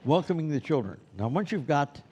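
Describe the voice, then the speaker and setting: A man's voice: fairly high pitch, very animated, brisk, warm tone, a little hiss or hum. A man teaching a Santa training class in a loose, conversational way, often asking the class questions. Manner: conversational, loose, asks the class questions, many "you know"s. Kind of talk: classroom lecture.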